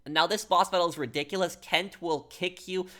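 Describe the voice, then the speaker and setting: A man's voice: sits high, steady tone, moderate pace, sharp tone, faint music behind. A man casually explaining game scenes and strategies in walkthrough commentary. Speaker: gaming YouTuber.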